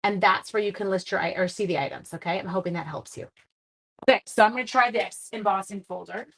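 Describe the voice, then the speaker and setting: A woman's voice: mid-range voice, quick pace, creaky, a bit bright, rough recording. Middle-aged woman hosting a live card-making demo; chatty and self-mocking. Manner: chatty, self-deprecating, talks while working. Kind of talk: live-streamed crafting demo.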